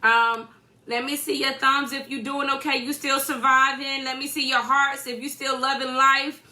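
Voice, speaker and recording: Woman co-host, bright tone, casual and teasing, talks to viewers from home. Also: high voice, little pitch movement, moderate pace. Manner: greets viewers by name, chatty and teasing. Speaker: co-host of a church livestream. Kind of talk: casual livestream chat.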